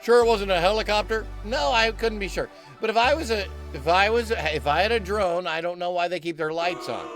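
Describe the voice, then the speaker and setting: A man's voice: high voice, a little fast, few pauses, over music. A man hosting a comic stream, rambling and stammering, often cutting himself off and answering his own questions. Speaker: comedy stream host. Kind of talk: rambling comic livestream banter.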